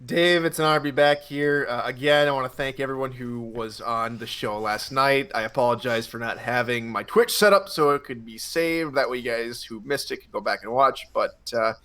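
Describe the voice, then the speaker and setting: Male panelist, bright forceful voice, eager and slightly nervous. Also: medium pitch, normal speed, hardly any pauses. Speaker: guest panelist. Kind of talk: casual panel chat.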